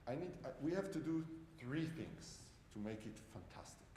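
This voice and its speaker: A man's voice: medium pitch, lively intonation, moderate pace, slight background noise. A man giving a piano masterclass, coaching a student with encouragement and lots of "bravo". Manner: encouraging, repeats "bravo", non-native phrasing. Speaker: piano teacher. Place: concert hall with piano. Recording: echoey hall with loud piano.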